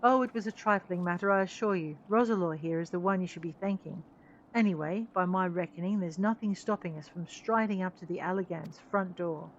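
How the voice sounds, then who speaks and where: A woman's voice: lowish voice, fairly quick, a little hiss or hum, natural voice. A woman reading as a proud, self-assured older male craftsman who waves off praise breezily. The recording is dull and lo-fi. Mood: breezy. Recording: dull lo-fi sound.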